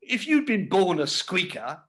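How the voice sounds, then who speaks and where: A self-righteous older uncle holds forth at a dinner table in a dramatic storybook reading, as a man puts him on. His voice booms and climbs high in dramatic rises. He speaks with pompous, lecturing emphasis. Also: big pitch swings, a little slow, fairly bright tone, heavily acted. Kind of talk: dramatic reading of classic fiction.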